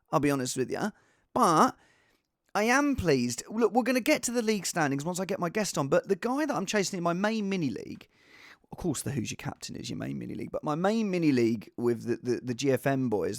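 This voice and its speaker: A man's voice: high-pitched, a bit bright, no echo, clean studio sound. A man hosting a casual show, rambling in a self-deprecating way in front of a green screen. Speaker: podcast host. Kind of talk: casual chat. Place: home set with green screen.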